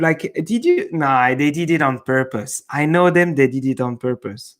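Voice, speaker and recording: A man's voice: a little high, animated, moderate pace, hardly any pauses. A young man hosting a live stream, chatting casually with his viewers and reading comments, laughing often between many fillers.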